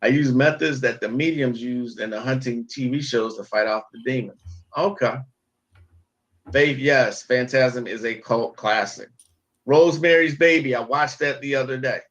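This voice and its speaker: A man's voice: mid-range voice, fairly bright tone, muffled recording. A man hosting a livestream, ranting casually and stressing his points through repetition, sometimes putting on mock-pompous jargon. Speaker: livestream host.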